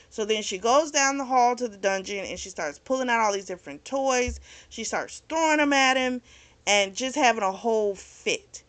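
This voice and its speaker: A woman's voice: a little high, animated, normal speed, fairly bright tone. A woman hosting a book club video, giving a casual, blunt recap of a novel's plot and peppering it with swearing and "like.". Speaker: book club vlog host.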